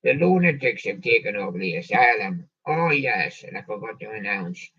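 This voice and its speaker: A man hosting a live stream, reading song lists slowly and cracking puns after each title. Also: on the low side, very animated, sharp tone, breathy edge, distant mic. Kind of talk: rambling live-stream chat with jokey asides. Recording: dull lo-fi sound, off-mic.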